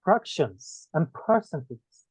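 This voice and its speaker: Male Turkish-accented English tutor, lively pitch, dry close sound, drills words one by one. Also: breathy edge, no room sound. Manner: listing words one by one with pauses. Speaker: English teacher. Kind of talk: one-on-one lesson. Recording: dry tinny phone-like sound.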